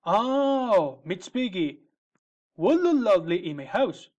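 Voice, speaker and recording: A man's voice: high-pitched, sing-song, slow, darkish tone, muffled recording, heavily acted. A man reading a storybook and voicing a giant, greedy frog who boasts and sighs. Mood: boastful. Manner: boastful, sighing.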